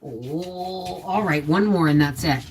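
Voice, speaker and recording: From her home, a middle-aged woman hosts a casual homestead livestream on a desktop mic, chatting, reading viewer comments aloud and using baby talk with her dog. Her voice is lowish and darkish, she speaks slowly, and there's slight background noise.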